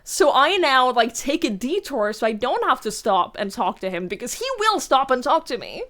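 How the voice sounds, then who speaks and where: A woman's voice: high-pitched, very animated, normal speed, a bit bright. A young woman streaming a game, chatting in a rambling, giggly way and swearing casually. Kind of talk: casual chat while gaming.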